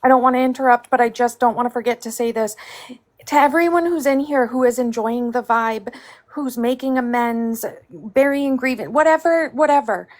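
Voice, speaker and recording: A woman's voice: a little high, moderate pace. A woman guest on a livestream, enthusiastic and encouraging. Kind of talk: livestream chat.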